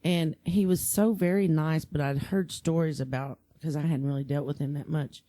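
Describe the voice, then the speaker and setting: Mellow-voiced woman police chief guest. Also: low-pitched, fairly even intonation, moderate pace. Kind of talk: casual conversation. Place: studio.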